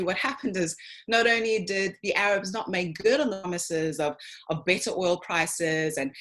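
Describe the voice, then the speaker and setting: A woman's voice: mid-range voice, rough recording. A woman giving a talk, speaking emphatically and addressing her listeners directly. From South Africa. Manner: emphatic, lively, addresses listeners as ladies and gents. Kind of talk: lecture to an online audience.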